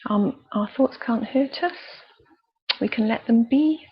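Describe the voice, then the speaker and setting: A woman leading a guided body scan meditation with slow, soft, calm instructions and pauses. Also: a little high, husky, lo-fi sound. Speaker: youth worker leading a relaxation exercise.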